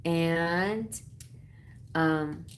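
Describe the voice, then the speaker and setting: A woman's voice: low voice, extremely slow, slight background noise. A woman giving a chatty live-stream tarot reading, giggling and reading card messages aloud. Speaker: tarot reader.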